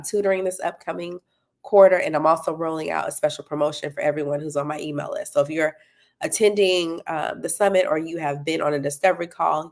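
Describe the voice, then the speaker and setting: A woman's voice: lowish voice, creaky. A woman running a parenting talk, encouraging and checking in with her listeners as she promotes her tutoring company. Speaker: parenting coach and tutoring business owner.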